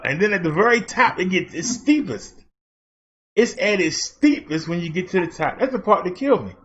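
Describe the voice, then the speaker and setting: A man's voice: fairly high pitch, animated, a little fast, a bit bright. A man, hosting his channel and telling a rambling, folksy story in casual chat, full of fillers. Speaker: channel host. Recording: dull lo-fi sound.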